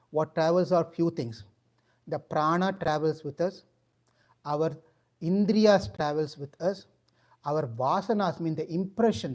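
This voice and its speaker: A man telling a story in a sermon, acting out the dialogue of its characters. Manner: acts out dialogue in a story, rising pitch when excited. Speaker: spiritual teacher.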